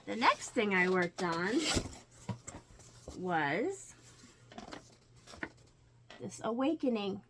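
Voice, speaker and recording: A woman's voice: medium pitch, big pitch swings, drawn-out words, long pauses, noisy background. A woman casually narrating her week's quilting and sewing projects, walking through each piece step by step. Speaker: crafting vlogger. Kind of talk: casual show-and-tell narration.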